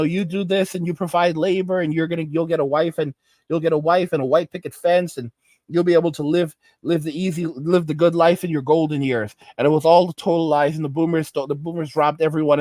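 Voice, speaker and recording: A man with a somewhat high voice delivers a ranting commentary, lecturing and exasperated, circling back over his words. The sound is dry and close, with no room around it. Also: darkish tone, dry recording. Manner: exasperated, lecturing, repetitive restarts. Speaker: commentary channel host.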